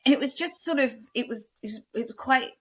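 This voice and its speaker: A woman's voice: sits high, a little fast, fairly bright tone, slightly rough. An Australian woman in her forties, a blues singer, chatting in a rambling, storytelling way as an interview guest. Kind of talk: casual interview chat.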